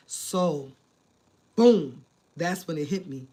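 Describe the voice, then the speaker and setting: Woman vlogger telling her story, lively and dramatic, talks to viewers like family. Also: fairly low pitch, normal speed. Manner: animated, dramatic retelling with acted quotes and asides to viewers; addresses viewers as family, casual slang. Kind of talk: emotional storytelling to camera.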